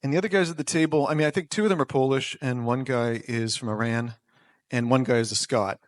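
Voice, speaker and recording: A man's voice: mid-range voice, fast, no room sound. A man telling a personal story on stage, wry and self-deprecating, with nervous restarts. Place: small performance venue.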